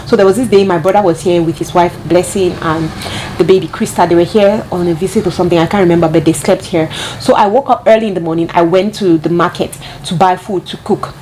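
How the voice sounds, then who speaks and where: Animated woman telling a story. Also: on the low side, a little hiss or hum. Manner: animated, addresses viewers as guys. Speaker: vlogger. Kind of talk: casual storytime chat.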